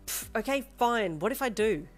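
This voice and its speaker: A woman's voice: mid-range voice, very animated, takes it slowly, creaky, voice pushed up, exaggerated voice. Feisty young woman, voiced by the female reader in a fanfic audio story, snappy retorts, faint music behind. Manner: retorting, defiant. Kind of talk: fan fiction audio reading.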